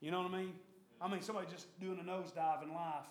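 A man preaching a sermon to his church, swinging between quiet asides and sudden shouts. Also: sits high, steady tone, fast. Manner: preaching with sudden shouts and mocking quoted voices. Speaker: pastor.

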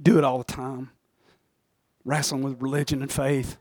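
A man's voice: mid-range voice, flat delivery, moderate pace, darkish tone, no room sound, studio quality. A male preacher delivering an emphatic sermon who repeats his points and speaks directly to the congregation.

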